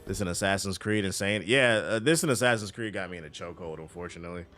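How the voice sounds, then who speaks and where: A man's voice: low-pitched, fast. A man streaming a game, chatting casually and profanely with his chat while he plays. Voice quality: profane, loose and animated.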